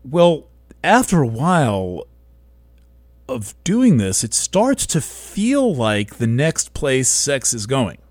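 A man speaking a reflective monologue into a broadcast microphone, soft-spoken and gentle, often halting and restarting his words. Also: medium pitch, huge pitch swings, no room sound.

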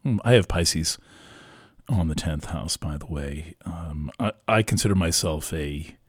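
Low-voiced halting male astrologer. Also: husky, no echo, studio quality. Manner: halting, many restarts and fillers. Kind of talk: casual astrology reading.

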